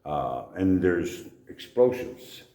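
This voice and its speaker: Deep-voiced older man, gruff storyteller. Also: sing-song, slow, warm tone. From Canada. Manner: gruff, swears casually, laughs at own stories. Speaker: actor guest. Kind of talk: anecdotal interview storytelling. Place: convention venue indoors. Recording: echoey convention room.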